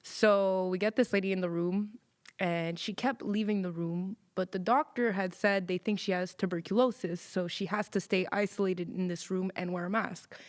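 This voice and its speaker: Animated woman telling workplace stories. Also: medium pitch, moderate pace. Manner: animated storyteller, swears freely, acts out quoted people. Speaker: podcast co-host. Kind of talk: casual chat.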